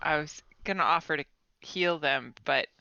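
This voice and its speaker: Bright-voiced player asking halting questions. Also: mid-range voice, clean tone, muffled recording. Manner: halting, asks questions in restarts. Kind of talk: casual chat at a game table.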